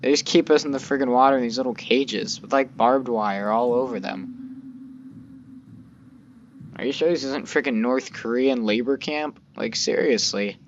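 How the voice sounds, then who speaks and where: A man's voice: mid-range voice, moderate pace, highs cut off, slight background noise. A man giving casual gameplay commentary, rambling with lots of fillers and mild cursing into a desk microphone. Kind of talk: casual let's-play commentary.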